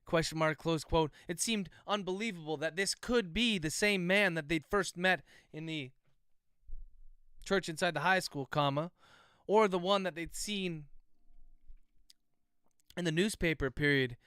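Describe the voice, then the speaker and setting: A man, an author, dictating his thriller aloud at a steady, methodical pace, speaking the punctuation marks. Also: on the high side, measured pace, long pauses, clean tone, dry recording, studio quality. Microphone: close livestream microphone.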